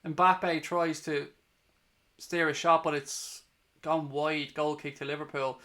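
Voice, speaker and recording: A man's voice: on the high side, little pitch movement, slow, pushed and bright. A man doing live match reaction as a fan channel host, mixing play-by-play with heated, sweary rants.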